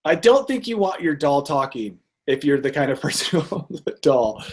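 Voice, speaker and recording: Brief: higher-pitched male co-host, jokey comedy podcast chatter. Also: very animated, normal speed. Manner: joking, laughs at his own bits. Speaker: podcast co-host presenting stories. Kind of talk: casual comedic chat.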